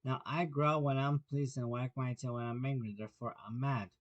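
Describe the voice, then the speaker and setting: A man's voice: medium pitch, fairly even intonation, moderate pace, muffled recording, lightly acted. A man reading aloud who voices a sly, grinning cat that speaks in teasing riddles.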